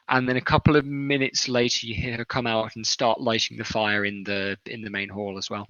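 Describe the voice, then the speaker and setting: Bright-voiced male game master. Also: mid-range voice, flat delivery, no echo, dull audio. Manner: descriptive, unhurried narration. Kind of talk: narrating a tabletop game.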